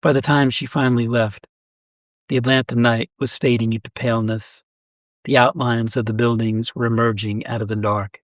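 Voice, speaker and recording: A man narrates a first-person short story in a measured, steady way. His voice sits at a middling pitch. The recording is close and dry, with no room sound. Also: no echo. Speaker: story reader.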